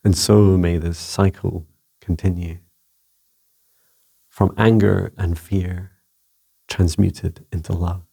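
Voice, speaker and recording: Man channeling Gaia, a slow gravelly earth spirit. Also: deep voice, level tone, mellow, heavily acted. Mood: serene. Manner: slow, solemn, invocational. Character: Gaia, serene earth spirit speaking through a medium.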